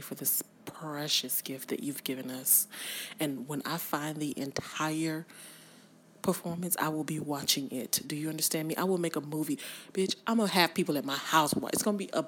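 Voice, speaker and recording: Gushing, profane woman ranting excitedly. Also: deep voice, a little hiss or hum. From Miami. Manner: gushing, profane, swings between loud and whispered. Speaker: vlogger. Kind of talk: excited fan rant to camera.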